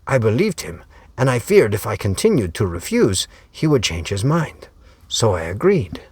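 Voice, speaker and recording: A man's voice: lowish voice, wildly swooping pitch, normal speed, slightly rough, no echo, full character voice. A man voicing a distraught young village woman in an audiobook reading, speaking in an anguished, self-reproaching way. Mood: regretful.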